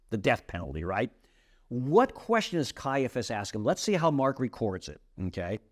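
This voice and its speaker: A man teaching a Bible study podcast, telling the story with emphatic drama and checking in often with "okay?" and "right?". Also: mid-range voice. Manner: peppers explanations with checking tags like "okay?" and "right?".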